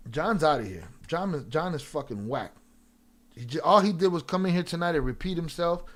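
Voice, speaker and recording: A man's voice: fairly high pitch, animated, fairly quick, a bit bright. A man hosting a livestream, arguing with viewers in chat in a profane, confrontational way. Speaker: livestream reaction host.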